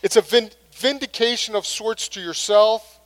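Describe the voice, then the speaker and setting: A man's voice: high voice, normal speed. A middle-aged male pastor preaching a sermon in an earnest, conversational way.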